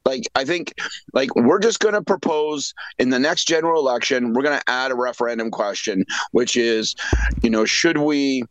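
A man's voice: mid-range voice, moderate pace, no room sound, highs cut off. Middle-aged male analyst; blunt, chatty, restarts a lot, dry mic. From Canada. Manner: blunt, conversational, many restarts. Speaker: political analyst. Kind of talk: casual opinionated talk.

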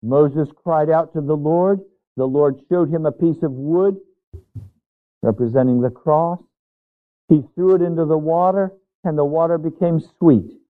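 A man preaching a Bible teaching sermon as pastor, earnest and emphatic, stretching out words for weight. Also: on the high side. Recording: tinny phone-like audio.

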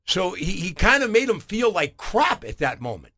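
A man hosting a morning radio show, telling a story in a relaxed way and often repeating words. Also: high-pitched, moderate pace. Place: radio studio. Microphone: studio microphone.

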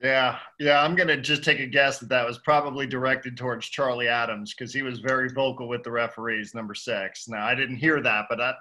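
Bright, forceful male co-host, loose and chatty. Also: mid-range voice. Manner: relaxed, conversational, swears casually. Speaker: podcast co-host. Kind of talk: casual sports chat.

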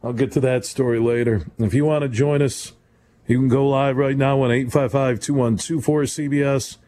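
A man hosting a sports talk radio call-in show in a studio, talking in an emphatic, rambling, conversational way and leaping up in pitch to stress a point. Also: steady tone, moderate pace, warm tone. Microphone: studio microphone.

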